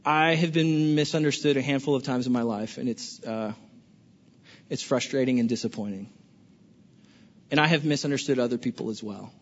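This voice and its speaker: A man preaching a sermon as a pastor, animated and playful, often stammering and restarting his sentences. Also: medium pitch, moderate pace, pauses often. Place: large church hall. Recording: dull lo-fi recording with long hall reverb.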